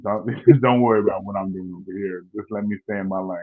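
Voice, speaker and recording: A man's voice: lowish voice, steady tone, fast talker. Man, sports podcast co-host, laid-back, slangy, muffled lo-fi recording. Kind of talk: casual sports talk. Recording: dull lo-fi sound.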